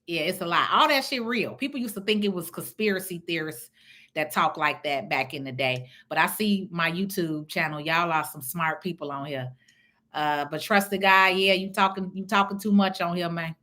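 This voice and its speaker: A woman's voice: fairly low pitch, moderate pace. A middle-aged woman from Chicago hosting a casual livestream, talking bluntly and profanely as she answers viewer comments. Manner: blunt, profane, animated talk. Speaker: real estate investor hosting a livestream.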